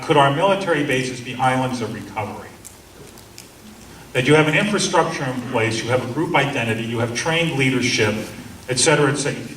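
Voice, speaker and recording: A man's voice: medium pitch, fairly bright tone. A middle-aged man giving a seminar talk, telling a story in an earnest way and acting out the officers he quotes. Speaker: seminar speaker. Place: seminar room. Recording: roomy, distant mic, faint hum.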